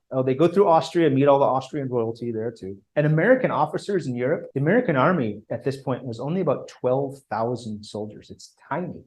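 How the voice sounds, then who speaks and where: A man's voice: mid-range voice, a little mellow. Man giving a conversational history lecture. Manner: conversational, anecdotal storytelling with wry asides. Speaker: guest speaker at a history roundtable.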